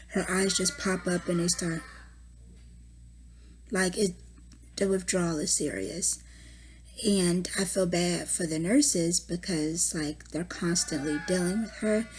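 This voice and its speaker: A young woman, a mother recording a personal video diary at home, exhausted and distraught, speaking haltingly and often dropping to a whisper. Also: on the low side. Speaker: mother giving a family update.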